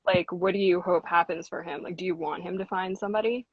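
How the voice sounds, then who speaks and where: A woman's voice: lowish voice, steady tone, fast, no echo. A woman interviewing an actor, asking friendly questions with lots of "like". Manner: friendly, says "like" often. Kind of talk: casual interview chat. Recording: dry, dull lo-fi sound.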